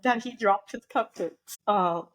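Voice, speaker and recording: A woman co-hosting a podcast, telling a story in a chatty, animated way with plenty of fillers. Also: medium pitch, unhurried. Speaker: podcast co-host. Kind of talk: casual storytelling chat.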